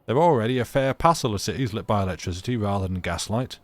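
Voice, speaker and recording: A man voicing an irritable, impatient woman artificer with a Yorkshire accent, curt and gruff, reading a story game aloud. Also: lowish voice, lively intonation, fast, no echo, lightly acted. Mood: irritated. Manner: curt, gruff, loud and exasperated.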